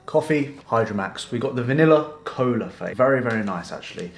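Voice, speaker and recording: A man's voice: mid-range voice, lively intonation, quick pace, slight background noise. A young man talking casually to camera as a bodybuilding coach, swearing freely and making chatty asides. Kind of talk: casual vlog talk to camera.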